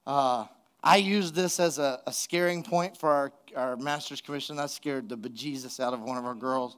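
A man, a pastor, preaching a sermon and telling a funny story in an animated way, laughing at his own jokes. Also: medium pitch, normal speed, clear, resonant tone. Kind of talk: sermon with a humorous personal story.

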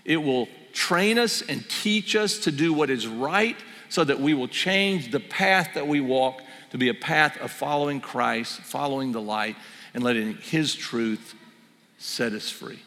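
A man preaching an earnest sermon as pastor, slowing down on key phrases and repeating them for emphasis. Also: medium pitch, pushed and bright. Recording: reverberant church hall.

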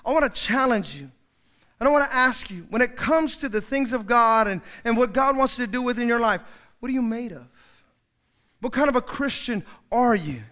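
A man preaching a sermon as pastor, lively and acting out quoted people with loud outbursts. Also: very high-pitched, normal speed.

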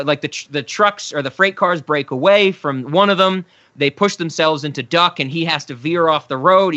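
A man's voice: a little high, pushed and bright, highs cut off. A man chatting casually as a co-host, enthusiastic and full of filler words. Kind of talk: casual chat.

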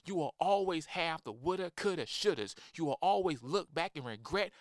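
Impassioned preacher guy, kinda high voice, dead dry sound. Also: expressive, normal speed, hardly any pauses, no room sound. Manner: impassioned, emphatic, acts out quoted voices. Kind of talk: sermon.

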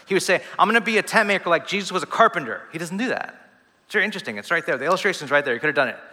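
A man's voice: a little high, bright, forceful tone. A man preaching a sermon as a pastor, telling stories in a conversational way with many restarts and fillers. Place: church hall. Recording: long reverb of a hall.

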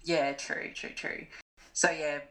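A young woman co-hosting a podcast, chatting in a relaxed way and thinking aloud with lots of "like". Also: sits low, slow, over a noisy crowd, poor audio. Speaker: podcast co-host. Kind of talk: casual chat about reality TV.

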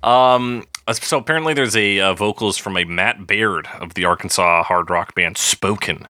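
A man's voice: lowish voice, normal speed, no room sound, clean studio sound. A man co-hosting a music review podcast, chatting casually with lots of fillers. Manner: relaxed, chatty, many fillers. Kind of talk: casual chat.

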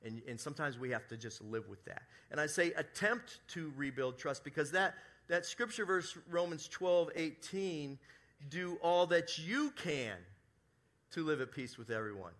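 Bright-voiced male pastor preaching. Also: fairly high pitch, moderate pace. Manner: animated, shifts between loud emphasis and soft hushed asides; acts out quoted apologies in his own voice. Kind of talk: sermon. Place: church service.

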